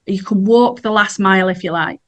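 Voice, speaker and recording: A woman's voice: medium pitch, fairly quick, fairly bright tone. A middle-aged woman, telling a personal story in a chatty way as a podcast guest and laughing now and then. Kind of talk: casual storytelling.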